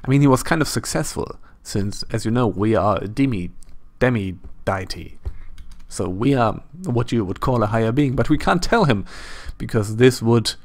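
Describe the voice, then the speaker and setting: A man's voice: medium pitch, lively intonation, normal speed. A man with a German accent giving chatty, casual gameplay commentary as he plays, thinking aloud and adding self-deprecating asides. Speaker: let's play host.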